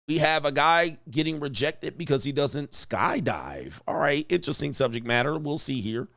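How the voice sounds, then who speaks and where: A man telling a rambling high school story in casual commentary, swearing, laughing often and acting out what people said. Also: normal speed, gravelly, few pauses, no echo, studio quality. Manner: animated, profane, laughs often, acts out quotes. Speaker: commentary streamer.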